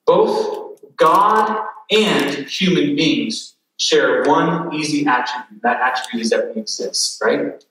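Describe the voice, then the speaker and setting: Male pastor, sermon, bright clear tone, energetic and interactive, joking asides, echoey hall, heard from far off. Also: fairly high pitch, slow pace.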